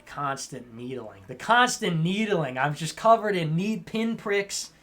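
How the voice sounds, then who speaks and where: A man's voice: a little high, big pitch swings, unhurried, fairly bright tone. A man hosting a casual livestream show, reading viewer messages and answering with teasing, mock-scolding asides and rambling restarts.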